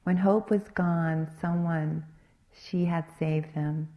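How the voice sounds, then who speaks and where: Meditation teacher lady reading a dharma tale, lively and rhythmic, kinda muffled. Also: lowish voice, takes it slowly. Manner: expressive, rhythmic story reading. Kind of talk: storytelling in a dharma talk.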